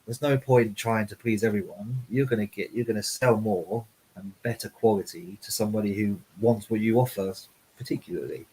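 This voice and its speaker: A man's voice: lowish voice, steady tone, fairly quick, warm tone, husky, rough recording. A man giving direct, plain-spoken advice as a web developer guest in a casual live-stream chat.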